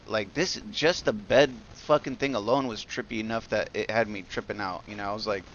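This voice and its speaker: A man's voice: lowish voice, steady tone, brisk, a bit bright, highs cut off, slight background noise. A man casually telling a long story while live-streaming a game, rambling with lots of fillers, restarts and swearing.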